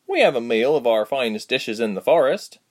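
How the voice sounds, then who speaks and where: A man's voice: medium pitch, very animated, a little fast, pitched above the performer's own voice. A man voicing an easygoing young village man who speaks plainly, in a storybook reading. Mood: matter-of-fact. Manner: plain, shrugging speech.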